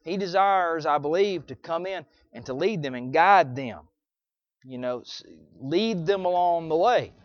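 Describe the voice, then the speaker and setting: A middle-aged man, a pastor, preaching in a conversational way, often restarting and swinging between quiet, soft passages and loud, emphatic ones. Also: a little high, expressive, unhurried, no room sound, highs cut off. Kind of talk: sermon.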